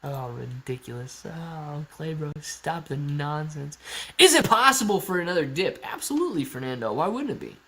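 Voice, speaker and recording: Upbeat young guy from Ohio, stock stream host, chatty and joking, a touch higher pitched. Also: animated, moderate pace, bright, forceful tone. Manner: upbeat, jokey, talks to chat and a dog. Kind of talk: casual live chat reading comments.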